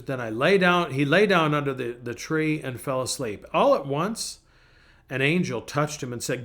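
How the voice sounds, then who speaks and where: Gravelly-voiced folksy male pastor. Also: a little high, normal speed, a bit bright. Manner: folksy, personal storytelling with frequent restarts. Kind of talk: conversational sermon.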